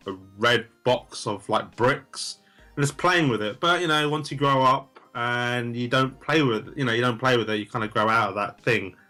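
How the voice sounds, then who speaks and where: A man's voice: mid-range voice, bright, forceful tone. A British man with a British accent, a guest chatting casually in an easygoing, agreeable way. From Britain. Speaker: co-host guest. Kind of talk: casual chat.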